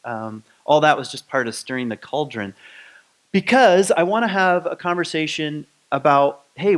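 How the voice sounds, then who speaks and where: A man from Michigan giving a conversational sermon to his spiritual community, relaxed and rambling with many ums and restarts. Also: medium pitch. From Grand Rapids, Michigan.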